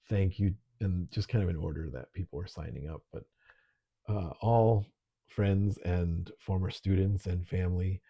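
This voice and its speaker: A middle-aged man teaching an online literature lesson, relaxed and conversational, with frequent ums. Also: low-pitched, moderate pace, creaky, breathy edge, muffled recording.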